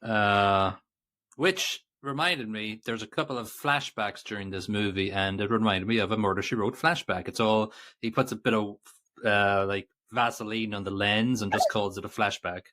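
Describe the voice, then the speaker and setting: A man with a fairly low voice co-hosts a casual movie podcast. He rambles and restarts his sentences often as he chats about the film. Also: moderate pace, sharp tone, a little hiss or hum. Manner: rambling, self-interrupting, reads quotes aloud. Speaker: podcast co-host. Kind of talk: casual movie review chat.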